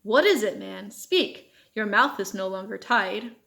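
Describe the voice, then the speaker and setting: A woman's voice: medium pitch, normal speed, a bit bright, natural voice. A woman reading as a stern sea captain. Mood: severe. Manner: severe, questioning. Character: stern middle-aged male boat captain uncle.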